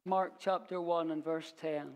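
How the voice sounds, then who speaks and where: A man teaching a Bible sermon in a church, unhurried and storytelling as he quotes verses. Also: a little high, steady tone, darkish tone. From Scotland. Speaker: preacher.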